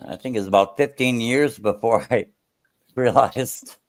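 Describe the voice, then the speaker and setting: A man's voice: mid-range voice, unhurried. A man chatting casually on a stream, hesitant and full of fillers. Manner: hesitant, filler-heavy, chuckling. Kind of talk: casual chat.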